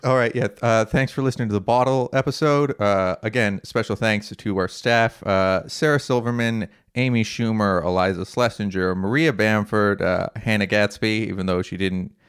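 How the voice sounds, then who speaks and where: A man co-hosting a casual comedy podcast. He jokes loosely, tossing off quick asides and laughing often. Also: lowish voice, steady tone, clear, resonant tone. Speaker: podcast co-host.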